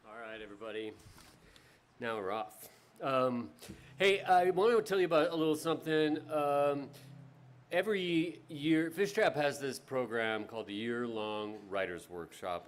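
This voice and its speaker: A man emcees a literary festival, giving casual announcements to the crowd. His pitch sits mid-range and his talk is loose, with ums and restarts. He moves into introducing the next reader. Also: moderate pace, slight background noise. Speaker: festival host. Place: outdoor tent stage.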